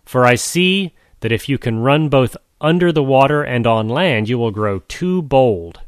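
A man's voice: medium pitch, animated, measured pace, no echo, clean studio sound, close to an everyday voice. A man voicing a stern, commanding old male magician in a storybook reading, who hands down decrees.

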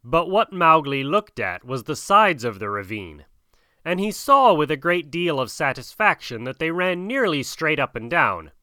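A man narrating a classic adventure story as an audiobook, steady and vivid. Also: medium pitch, no room sound, studio quality. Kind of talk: audiobook reading of a classic tale.

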